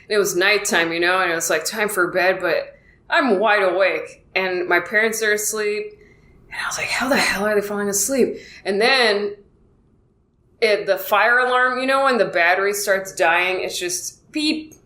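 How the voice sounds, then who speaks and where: This woman in her thirties, a comedian who hosts a podcast, speaks in a mid-range voice at a moderate pace with a bright, forceful tone. She rambles casually through a solo comedy monologue, acting out quoted exchanges self-deprecatingly. The room is echoey with faint background noise.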